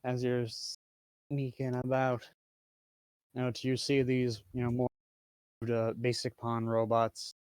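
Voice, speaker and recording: Game master, man, halting delivery with fillers, dry recording. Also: mid-range voice, monotone, darkish tone, clean tone, no echo. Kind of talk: narrating a tabletop game.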